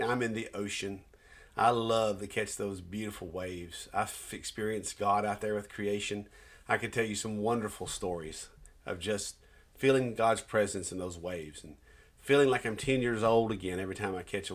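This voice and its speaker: A middle-aged man speaks as a minister giving a personal testimony. His tone is earnest, and he tells a story with pauses and small restarts. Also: fairly low pitch, fairly bright tone. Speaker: Christian minister.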